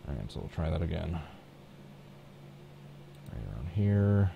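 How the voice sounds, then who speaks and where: A man with a low, expressive voice and some vocal fry talks a little slowly through a live stream, painting a race truck on his computer. He thinks aloud casually and self-deprecatingly through each step, and the audio is phone-quality with slight hiss or hum.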